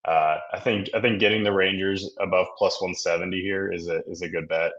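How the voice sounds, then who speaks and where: A man's voice: deep voice, fairly even intonation, fairly quick, a bit bright, dull audio. A man giving his betting pick, often repeating words as he gets going, with self-deprecating humor. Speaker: betting analyst. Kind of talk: sports betting analysis.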